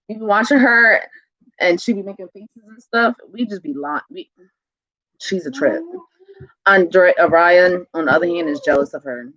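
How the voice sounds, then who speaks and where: A woman telling casual home stories, laughing often and switching into a high sing-song voice for a toddler. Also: fairly bright tone, no room sound, dull audio. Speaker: vlogger. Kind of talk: casual chat.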